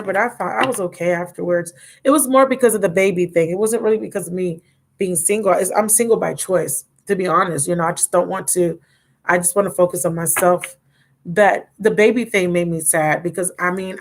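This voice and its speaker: Chatting casually on a live stream from her home, a tarot reader and channel host in her thirties rambles and addresses her viewers directly. She has a fairly low, creaky voice.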